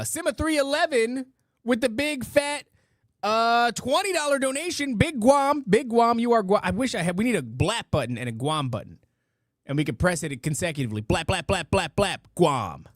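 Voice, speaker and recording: A man with a high-set voice hosts a casual live stream, playful and jokey as he reads out donations. He stumbles and restarts over the numbers. The sound is dry and close. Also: dry recording. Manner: playful, jokey, with repeated silly catchphrases; stammers and restarts while reading amounts. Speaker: podcast host reading out donations.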